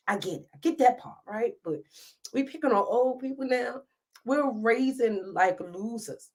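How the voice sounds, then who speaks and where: Her voice a little high and her pace a little fast, a woman hosts a live stream and reads comments from viewers. She speaks to them in an impassioned, preachy manner, close to crying, in emotional commentary.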